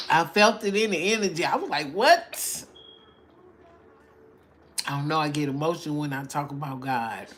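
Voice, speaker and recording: A woman chatting casually, shifting between loud bursts and hushed asides. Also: low-pitched, animated, normal speed, long pauses. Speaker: tarot reader. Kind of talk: casual chat.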